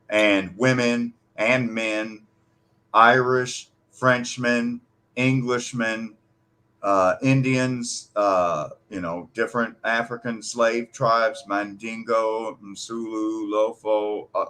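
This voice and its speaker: A man's voice: on the low side, fairly bright tone. A man from the United States in heated political talk, impassioned and emphatic, swearing freely.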